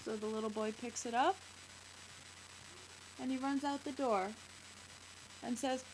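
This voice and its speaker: Gentle woman reading a picture book. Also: a little high, steady tone, unhurried, long pauses, a little hiss or hum, poor audio. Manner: gentle, chatty, asks kids questions. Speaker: children's show host.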